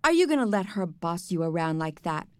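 A woman's voice: fairly low pitch, sing-song, brisk, smooth, dry recording. A woman voicing an exasperated boy arguing with his little brother.

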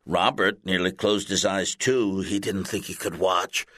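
A man narrating a children's audiobook in a deliberate, expressive storytelling manner, recorded close on a studio mic. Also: sits low, no room sound.

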